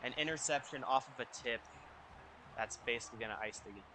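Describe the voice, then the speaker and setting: A young man giving casual, excitable commentary over a football video game, reacting out loud to each play. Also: mid-range voice, quick pace, background noise. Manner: excitable, reacting loudly to plays. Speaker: gaming YouTuber. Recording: faint music behind.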